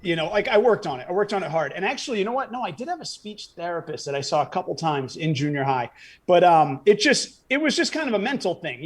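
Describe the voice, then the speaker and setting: Male stand-up guest, slightly higher voice, quick joke-telling storyteller. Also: husky. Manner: rapid joke-telling, acting out dialogue. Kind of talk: storytelling in casual chat.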